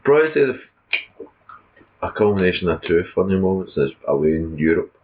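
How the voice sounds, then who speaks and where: Low-voiced Scottish man on a tinny line. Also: very animated, a little fast. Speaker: podcast co-host. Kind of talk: casual chat. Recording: tinny phone-like audio.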